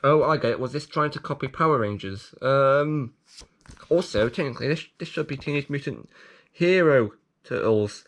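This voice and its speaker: A man hosting a video, reading a leaflet aloud with jokey commentary, playful and prone to sudden excited outbursts. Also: medium pitch, normal speed. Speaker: video host.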